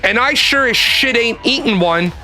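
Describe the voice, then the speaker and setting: A man's voice: very high-pitched, lively intonation, moderate pace, bright, forceful tone, soft background music. A man telling a profane, exasperated story about an argument over a missed appointment, acting out both sides of the phone calls. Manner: exasperated, swears a lot, acts out phone calls. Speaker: podcast host.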